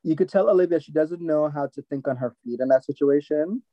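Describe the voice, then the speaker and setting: A man's voice: on the high side, brisk, no echo, lo-fi sound. A man co-hosting a podcast, rambling through his opinions and acting out quoted moments. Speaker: podcast co-host. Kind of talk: casual recap chat.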